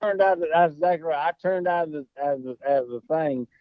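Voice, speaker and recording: A man's voice: a little high, fast, no echo, narrow, tinny audio. A man from Florida with a Southern accent, a golf podcast guest telling a rowdy, profane story with laughs. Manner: profane, laughing, drawling yarn-spinner. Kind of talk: casual storytelling.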